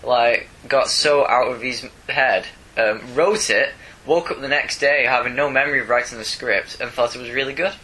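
A man's voice: mid-range voice, moderate pace, bright, forceful tone, rough recording. A man, co-hosting a podcast in easygoing chat. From Northern England. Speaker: podcast co-host. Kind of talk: casual chat. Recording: faint hiss.

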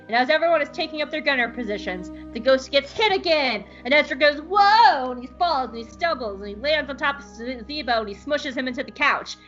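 Excitable woman gushing through a recap. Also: high voice, dull audio. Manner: excitable, gushing, with playful asides. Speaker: podcast co-host. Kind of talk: casual episode recap.

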